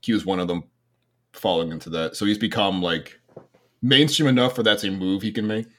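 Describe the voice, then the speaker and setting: Deep-voiced man, meandering chat. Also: a little fast, fairly bright tone. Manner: meandering, hesitant with many ums. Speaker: podcast co-host. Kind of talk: casual podcast chat.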